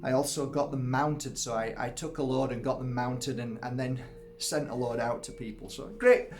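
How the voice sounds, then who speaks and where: A man showing off his crystals in a casual video, gushing with exclamations and squealing up high in delight. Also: level tone, moderate pace, background noise. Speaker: crystal seller and workshop host. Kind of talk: casual show-and-tell video.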